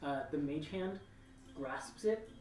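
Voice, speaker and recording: A woman with an unusually deep voice runs a tabletop game, narrating with frequent hesitant fillers. She sounds set back from the microphone in an echoey room with faint background noise. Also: lively intonation, slow pace, darkish tone. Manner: hesitant, filler-heavy describing. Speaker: game master. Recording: echoey room, far from mic.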